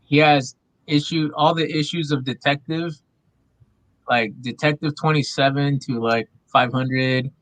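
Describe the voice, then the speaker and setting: A man with a mid-pitched voice, recorded dry and close. He recounts a story among friends plainly, pausing on fillers. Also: fairly even intonation, fairly bright tone, no room sound, poor audio. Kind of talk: casual chat.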